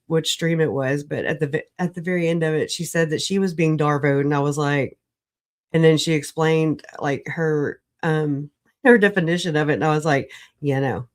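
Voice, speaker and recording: A woman on a livestream video call, recovering from an illness, talking in an animated, rambling way, laughing often and swearing. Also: sits low. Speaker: livestream guest. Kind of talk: casual livestream chat.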